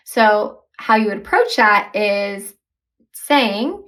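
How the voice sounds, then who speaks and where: A woman's voice: a little high, very animated, measured pace, fairly bright tone. A woman hosting a podcast as a relationship coach, talking casually and conversationally, laughing easily and acting out sample dialogues.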